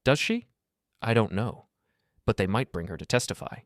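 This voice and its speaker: A man voicing a calm, capable male lawyer in a story, brisk and reassuring. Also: fairly low pitch, no room sound, studio quality, lightly acted. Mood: businesslike.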